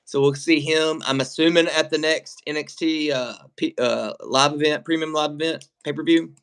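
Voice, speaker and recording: A man co-hosts a wrestling reaction stream, chatting casually and rambling while he swears freely and laughs as he talks. His voice is a little high, clear and resonant with a fairly bright tone, and he speaks at a normal speed with fairly even intonation.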